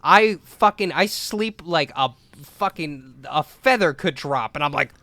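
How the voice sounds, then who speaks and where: A young man co-hosting a podcast, telling a story in a lively, casual way with lots of swearing and filler words. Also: a little high, measured pace, no room sound. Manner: animated, swears a lot, says "like" and "dude". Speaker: podcast co-host.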